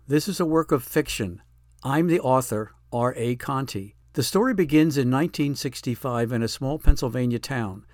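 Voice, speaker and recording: A man reads a scripted introduction to his own audiobook in a plain, matter-of-fact way. His voice sits at an ordinary pitch for a man, and the recording is dry, with no room sound. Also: moderate pace, no echo. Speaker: author introducing his book.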